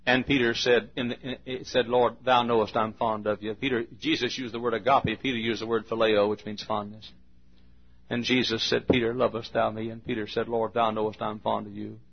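An older male pastor tells his sermon like a folksy story, dropping to a hush and then breaking out loud. His voice is husky. The recording is dull and lo-fi, like an old archival tape. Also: fairly low pitch, little pitch movement, brisk. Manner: folksy storytelling, swings from hushed to loud bursts.

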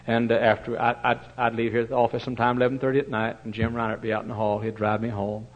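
Give me a folksy preacher telling stories from the pulpit. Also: male voice, mid-range voice, rapid-fire, highs cut off. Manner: folksy, animated, with fillers and sudden loud bursts. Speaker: pastor. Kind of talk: storytelling sermon.

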